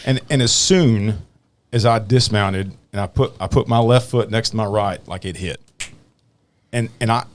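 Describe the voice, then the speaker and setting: Rambling cop telling a story. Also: male voice, on the low side, normal speed, a little hiss or hum. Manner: rambling, many restarts, laughs through his story. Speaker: podcast host, police officer. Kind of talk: casual storytelling chat.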